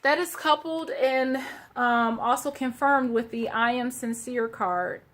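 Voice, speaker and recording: A woman doing a casual card reading for her viewers, gentle and searching, with many fillers and restarts. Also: on the high side, measured pace. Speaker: tarot card reader.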